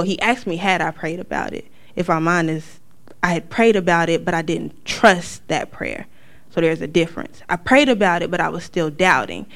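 A middle-aged woman giving a church testimony in a casual, conversational way, acting out quotes with sudden high outbursts. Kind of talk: testimony talk.

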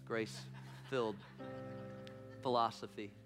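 A man's voice: fairly low pitch, steady tone, slow pace, over music. A man preaching a sermon as pastor, telling a story with emphatic repetition.

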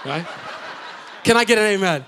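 A young man from Africa preaching in a church, playful and animated as he acts out people's reactions. His voice sits very high for a man and has a bright, forceful edge. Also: brisk, slight background noise. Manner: lively, jokey, acts out reactions with sound effects. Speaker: pastor. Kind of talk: sermon. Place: church auditorium.

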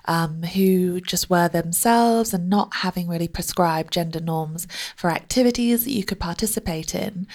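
A woman hosting a podcast, chatting thoughtfully and agreeing with her guest in a relaxed conversational interview. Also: on the low side. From grew up in a village with black families, grandma from abroad. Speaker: podcast host.

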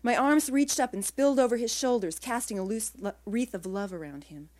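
A woman writer reading her own literary prose aloud in a quiet, measured way, her phrases trailing off softly. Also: on the high side.

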